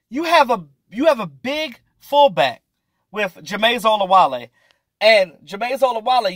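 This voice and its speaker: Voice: mid-range voice, a bit bright, dry recording. A sports vlogger ranting through casual, exasperated commentary, with slang and swearing, hammering points by repeating them.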